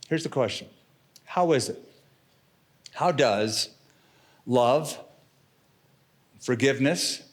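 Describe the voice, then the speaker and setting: A middle-aged man preaching a sermon as pastor, dramatic and expressive, slipping in casual slang. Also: a little high.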